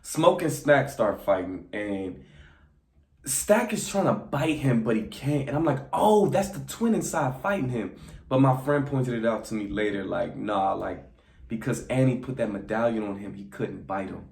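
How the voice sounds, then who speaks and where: Animated young man recapping a movie. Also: fairly low pitch, creaky. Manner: animated, acts out character lines in quick voices. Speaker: movie reviewer. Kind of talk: casual spoiler recap. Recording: echoey room.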